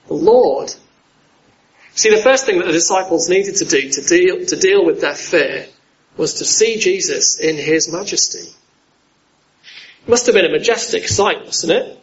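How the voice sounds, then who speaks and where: Guy giving a sermon, chatty, throws questions at the crowd, slightly high voice, kinda muffled recording. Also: fairly bright tone. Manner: conversational, asks the listeners questions. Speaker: preacher.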